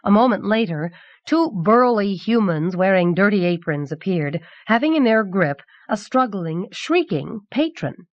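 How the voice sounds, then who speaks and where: A woman's voice: medium pitch, dry recording. Woman reading a fantasy audiobook. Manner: steady, measured reading. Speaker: audiobook narrator. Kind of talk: scripted fantasy narration. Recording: dull old cassette audiobook.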